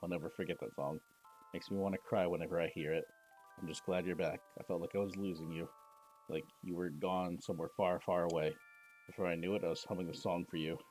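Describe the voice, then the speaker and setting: A man reading the lines of a gentle young male musician hero in a text-based game, soft and quiet. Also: deep voice, steady tone, fast, soft background music, natural voice. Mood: tender.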